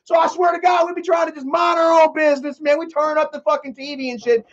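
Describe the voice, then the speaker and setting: A man voicing a fed-up, profane male neighbor who rants loudly. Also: very high-pitched, level tone, quick pace, pitched above the performer's own voice. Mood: exasperated. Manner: loud, exasperated, profane. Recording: dull lo-fi audio.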